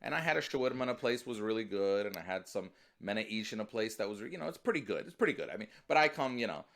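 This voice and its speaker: American comedian guy riffing on a podcast, punchy and lively, talks right at his hosts. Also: lowish voice, fast talker. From United States. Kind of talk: comedic storytelling.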